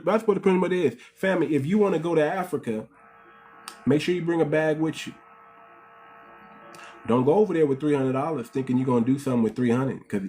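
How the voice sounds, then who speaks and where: A man's voice: medium pitch, a little mellow, a little hiss or hum. A man hosting a casual livestream, preaching to viewers, calling them "family" and asking rhetorical questions. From United States. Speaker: livestream host.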